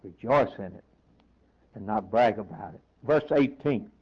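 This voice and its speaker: A man's voice: lowish voice, expressive, measured pace, breathy edge. Man preaching a sermon, lo-fi. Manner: reads scripture aloud, then preaches in short emphatic phrases. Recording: dull lo-fi recording.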